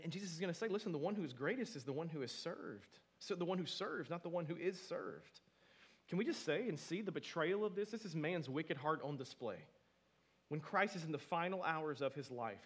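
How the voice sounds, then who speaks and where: Male pastor, preaching to a church, mid-pitched voice, swings between loud and soft. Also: breathy edge. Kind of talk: sermon.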